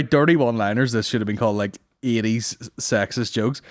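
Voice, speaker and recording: A man's voice: mid-range voice, fairly quick, hardly any pauses, dry recording. Male podcast host, crude and rambling, casual banter in a dry, close recording.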